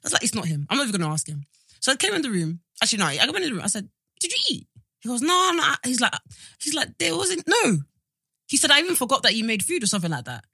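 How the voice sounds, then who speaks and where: A woman's voice: a little high, very fast, breathy edge, no room sound, clean studio sound. A young woman, co-hosting a casual chat podcast and telling stories animatedly, acting out the dialogue. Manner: animated storyteller who acts out quoted dialogue. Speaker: podcast co-host.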